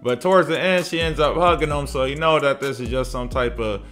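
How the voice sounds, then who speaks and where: A man in his thirties hosts a casual commentary video, talking through his opinions in a dismissive, conversational way. His voice sits at an ordinary middle pitch. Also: a little fast, fairly bright tone, soft background music. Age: 30s. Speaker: commentary channel host.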